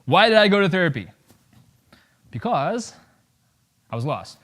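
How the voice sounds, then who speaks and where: A man in his thirties speaks to an audience as a veteran, blunt and joking. His voice sits a little high for a man. He acts out the conversations he tells about, and his loudness swings widely between them. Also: sing-song, a little slow. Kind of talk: public talk to an audience.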